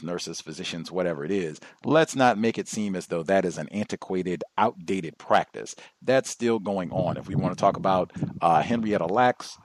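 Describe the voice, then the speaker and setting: A man hosting a talk radio show, speaking in a deliberate, emphatic and instructive way. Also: low-pitched, no room sound.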